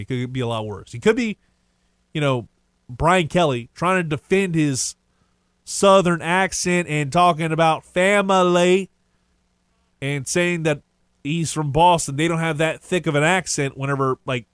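A man hosting a sports radio show, rambling through his opinions in a casual, animated way. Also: a little high, no echo. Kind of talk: sports talk radio monologue. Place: radio studio.

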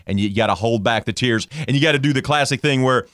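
A man's voice: fast talker, no echo. Ranting man on a dry sports talk mic. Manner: animated ranting, voice jumping high for emphasis. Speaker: co-host. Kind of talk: casual sports talk chat.

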